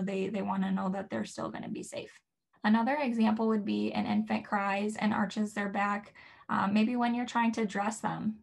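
A woman educator explaining to parents, in a gentle way, how to soothe upset babies. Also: gravelly. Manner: gentle, models soothing words to a baby in a soft higher voice. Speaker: early childhood educator. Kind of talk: instructional talk to parents.

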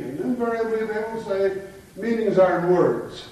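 A man's voice: sits high, normal speed, a little mellow, slight background noise. A man giving a lecture, telling jokes and anecdotes in an easy storytelling way. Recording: echoey room from far off.

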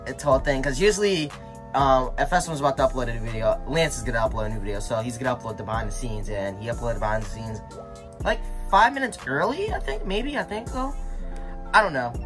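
A young man giving casual reaction commentary, rambling with lots of fillers and restarts and breaking into incredulous outbursts. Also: medium pitch. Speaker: YouTube reactor. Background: music from the played video.

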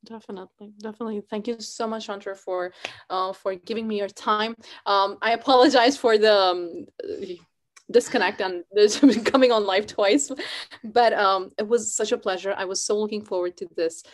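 A woman's voice: mid-range voice, fairly even intonation, normal speed. A woman hosting a casual interview over a video call, chatty and laughing as she talks. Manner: warm chatty host, laughs often. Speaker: host.

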